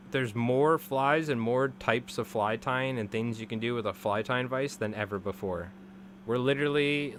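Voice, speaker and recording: A man's voice: mid-range voice, fairly bright tone, a little hiss or hum. A man in his thirties chatting casually on a live stream while tying flies, rambling and laughing often. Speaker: live-streaming fly tyer.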